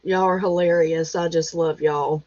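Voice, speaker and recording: A middle-aged woman hosting a livestream, chatting casually with viewers and reading their comments, affectionate and quick to laugh. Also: sits low, steady tone, a little mellow, dry recording, dull audio. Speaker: livestream host.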